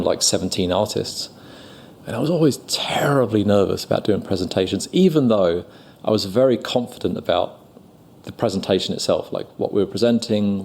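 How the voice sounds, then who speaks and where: A middle-aged man with a London accent talks casually in an interview. His voice sits low and a little gravelly. He rambles warmly through his own story, acting out the bits where he quotes people. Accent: London English. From England. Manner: chatty, self-deprecating, lots of fillers and acted-out quotes. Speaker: guest actor.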